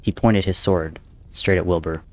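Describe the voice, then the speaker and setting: Deep-voiced man reading a story. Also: steady tone, normal speed, a little mellow. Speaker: narrator.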